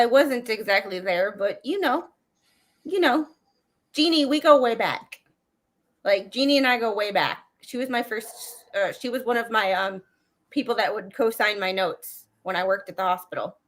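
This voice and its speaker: A woman's voice: fairly high pitch, animated, moderate pace, fairly bright tone. Chatty, opinionated woman co-host. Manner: chatty, opinionated, full of fillers. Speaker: stream co-host. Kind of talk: casual live-stream chat.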